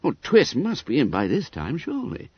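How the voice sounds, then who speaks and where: A hearty teenage schoolboy, eager and loud, blurts everything out in a high, bouncing voice, as a man reads him. His pitch swings all over the place. The recording is dry and dull. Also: very animated, normal speed, husky, dry recording, exaggerated voice. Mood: cheery. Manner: eager, exclamatory.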